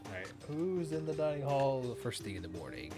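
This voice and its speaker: A man's voice: medium pitch, sing-song, brisk. A man streaming a video game, reading its dialogue aloud with casual comments. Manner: casual, reads text in hushed narration. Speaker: let's play streamer. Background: game music.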